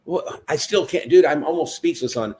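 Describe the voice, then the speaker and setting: A man in casual political chat who tells animated stories, swears freely and acts out what people said. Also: fairly high pitch, moderate pace.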